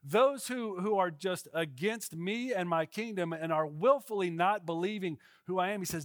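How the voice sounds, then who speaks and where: A man's voice: high-pitched, moderate pace, hardly any pauses, no echo, studio quality. Casual, conversational male pastor preaching. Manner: casual, checks in with listeners. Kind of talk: conversational sermon.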